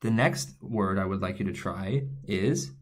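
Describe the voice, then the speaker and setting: A man teaching a lesson in a relaxed, step-by-step way, thinking aloud as he writes and explains each letter. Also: sits low, normal speed. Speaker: language teacher. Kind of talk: recorded online lesson, writing on screen.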